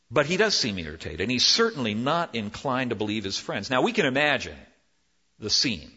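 A man preaching a sermon as pastor, animated, swinging between loud emphasis and hushed, slow lines. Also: medium pitch, husky. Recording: dull lo-fi with long hall reverb.

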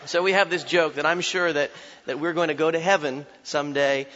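Animated preacher man in a reverberant hall. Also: fairly high pitch, a little fast, some chatter behind, slight background noise. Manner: animated, shifts from shouted warnings to quiet reflection, self-deprecating humor. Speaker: pastor. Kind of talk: sermon. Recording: dull sound with long hall reverb.

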